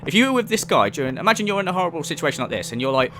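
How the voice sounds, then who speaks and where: A man's voice: fairly high pitch, very animated, very fast, a bit bright, soft background music. A young man giving jokey, sarcastic let's-play commentary, swearing casually as he explores. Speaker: gaming YouTuber.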